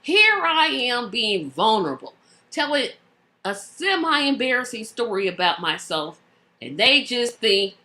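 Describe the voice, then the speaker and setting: A woman chatting casually on a video call, animated and playfully indignant. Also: a little high, a little slow. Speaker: co-host.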